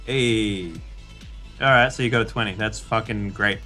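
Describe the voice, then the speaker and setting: A man narrating as game master of a tabletop role-playing game, laughing often and slipping into quick character voices. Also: fairly low pitch, sharp tone, soft background music.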